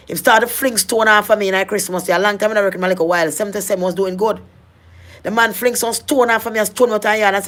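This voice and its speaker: A middle-aged woman with a Jamaican accent tells her own life story in earnest patois, often repeating and restarting her phrases. Her medium-pitched voice is a bit bright, steady in tone, and quick.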